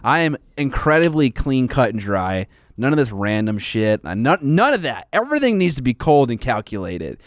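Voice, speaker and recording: A man's voice: medium pitch, sing-song, moderate pace, hardly any pauses, dry recording, clean studio sound. A man co-hosting a hobby podcast in casual chat, rambling with lots of fillers. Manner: rambling, filler-heavy, laughs easily. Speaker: podcast co-host.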